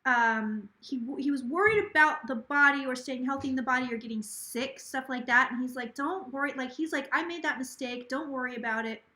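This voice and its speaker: A woman's voice: high voice, a little fast, few pauses, pushed and bright, reverberant. A woman hosting a casual live stream from home, chatty and gushing, relaying a spirit's words in quotes. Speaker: psychic livestream host. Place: home, near a kitchen.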